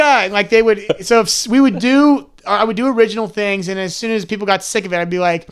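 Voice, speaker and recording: A young man in his twenties telling stories as a podcast guest. He is animated and rambling, and keeps slipping into character voices. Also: sits high, brisk, hardly any pauses, clear, resonant tone. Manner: rambling, with many restarts and "like"s. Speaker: guest, comedy content creator. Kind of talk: casual podcast chat.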